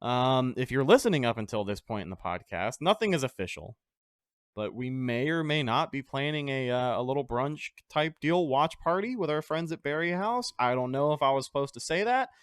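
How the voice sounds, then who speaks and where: A man of middle pitch hosts a casual sports podcast with brash confidence. He swears freely and lays out his picks without hesitating. His voice is recorded dry and close. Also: lively intonation, normal speed, smooth, no room sound. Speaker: podcast host.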